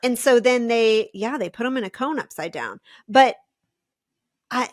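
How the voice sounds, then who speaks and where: A woman co-hosting a podcast in casual chat, wry and quick with questions and reactions. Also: fairly high pitch, expressive, no room sound, studio quality. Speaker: podcast co-host.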